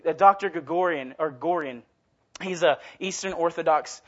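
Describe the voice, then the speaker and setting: Young guy with a high voice, rambly laid-back sermon, muffled lo-fi recording. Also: moderate pace, a bit bright. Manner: casual, rambling, self-deprecating, often restarting. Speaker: guest preacher. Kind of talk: informal sermon with storytelling. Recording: dull lo-fi recording.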